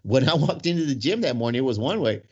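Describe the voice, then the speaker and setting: A man's voice: mid-range voice, lively intonation, quick pace, husky. A man telling a long personal story in casual conversation, rambling and checking in with "right?" as he goes. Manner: rambling, full of "right?" and restarts. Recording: dull lo-fi sound.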